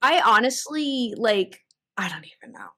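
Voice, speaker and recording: A woman's voice: a little high, unhurried. Young woman animatedly recounting her story. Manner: animated storytelling with frequent restarts and laughs. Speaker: guest contestant. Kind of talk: casual interview chat.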